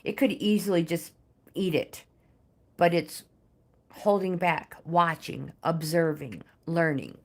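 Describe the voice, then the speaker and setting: An older woman hosts a relaxed tarot reading on a home livestream. Her voice sits a little low, and she talks very slowly, pausing often and filling the gaps with ums. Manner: slow, halting, with pauses and fillers. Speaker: tarot reader and livestream host. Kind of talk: casual livestream card reading.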